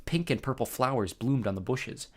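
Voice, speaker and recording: A man narrating a first-person audiobook with expressive storytelling. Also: medium pitch, moderate pace.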